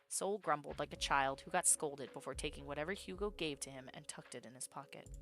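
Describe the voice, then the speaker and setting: A woman streamer reading a story game aloud, breaking off into excitable, swearing reactions. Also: sits low, a little fast, few pauses, faint music behind.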